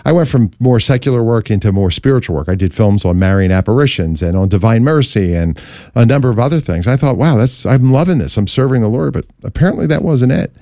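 A man's voice: mid-range voice, fast talker, no room sound, clean studio sound. A middle-aged man, a Catholic radio host, telling a story in a casual interview and acting out the voices in it. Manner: animated anecdotal storyteller, acts out quotes.

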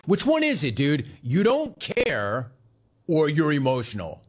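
A man's voice: fairly high pitch, huge pitch swings, measured pace, breathy edge. Heated, sarcastic man ranting on sports. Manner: sarcastic, heated, mocks the player in put-on voices. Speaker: sports talk host. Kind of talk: sports radio rant.

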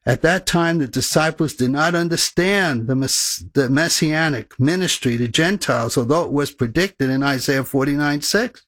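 A man preaching a sermon, reading scripture aloud in an earnest, measured way and slowing down for emphasis. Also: a little high, fairly bright tone, no echo.

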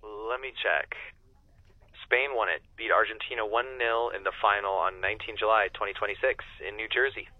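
A man's voice: fairly low pitch, a little fast, no echo, phone-quality sound. A synthetic male AI voice agent answering questions in a casual, upbeat customer service manner with short replies. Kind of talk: customer service phone chat.

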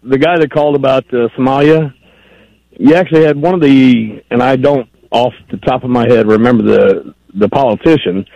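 A man's voice: medium pitch, moderate pace, vocal fry, mellow, dry recording. A man calling in to a radio show, rambling and pressing the host on a point. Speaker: caller. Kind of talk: phone-in call. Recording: dull lo-fi phone line.

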